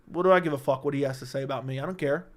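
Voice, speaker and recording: A man's voice: mid-range voice, very fast. A young man hosting a late-night casual livestream, bantering with his chat in a brash, profane, joking way. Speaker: livestream host.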